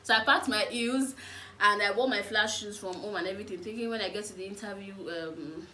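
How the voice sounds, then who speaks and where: Animated young Nigerian woman telling stories. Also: medium pitch, fairly quick. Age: 20s. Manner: animated, acts out the other people in her stories. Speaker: vlogger. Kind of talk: casual storytelling vlog. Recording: echoey room, faint background noise.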